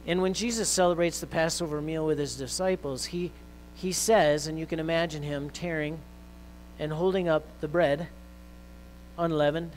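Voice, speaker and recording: A man preaching a sermon in a conversational way, with fillers and restarts, growing louder and more intense when he quotes scripture. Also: on the high side, fairly even intonation, normal speed, slight background noise, low-quality recording. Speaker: pastor.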